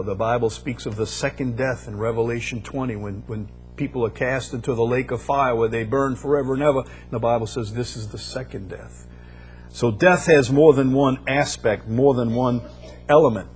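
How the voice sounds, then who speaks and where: A man's voice: mid-range voice, normal speed, soft background music. A man preaching a sermon, building emphasis through repeated phrases and rising bursts. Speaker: pastor.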